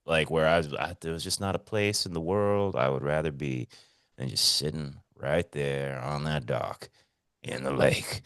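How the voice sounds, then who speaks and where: A man co-hosting a podcast in casual chat, excitable and swearing freely, swinging between loud bursts and hushed asides. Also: rumbling low, normal speed, clean tone, dry recording, studio quality. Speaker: podcast co-host.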